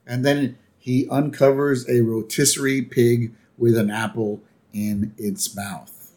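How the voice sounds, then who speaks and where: A man co-hosting a podcast, chatting casually and acting out cartoon lines in quick voices. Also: mid-range voice. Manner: animated, acts out character lines in quick voices. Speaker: podcast co-host. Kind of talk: casual chat recapping a cartoon episode.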